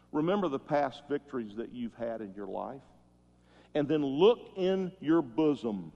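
A pastor preaching a sermon, telling stories that swell loud and then drop soft. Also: male voice, mid-range voice, creaky. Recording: muffled sound with long hall reverb.

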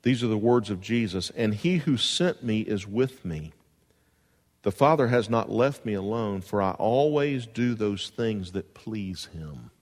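A man's voice: lowish voice, lively intonation, measured pace, darkish tone, big-room sound. A man preaching a sermon to a congregation, rising into emphatic bursts and asking the room questions. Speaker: pastor. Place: church sanctuary.

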